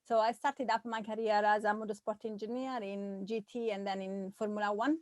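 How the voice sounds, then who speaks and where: A woman from Italy, an engineer, answering interview questions over a video call in a lively way. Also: medium pitch, brisk, dry recording. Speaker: guest, engineer.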